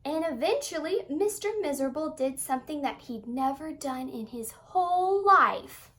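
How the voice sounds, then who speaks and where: A woman reading a children's picture book aloud in an expressive, singsong storytelling manner. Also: high voice, normal speed.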